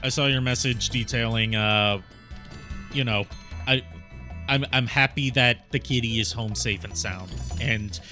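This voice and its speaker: A man's voice: mid-range voice, steady tone, a little slow, sharp tone, faint music behind. A man hosting a game stream, chatting casually and rambling with frequent laughs. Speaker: streamer host.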